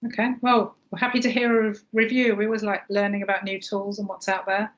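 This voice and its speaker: A woman's voice: medium pitch, level tone, fast. Easygoing woman hosting a webinar. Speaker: webinar host. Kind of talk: casual hosting chat. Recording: dull lo-fi sound.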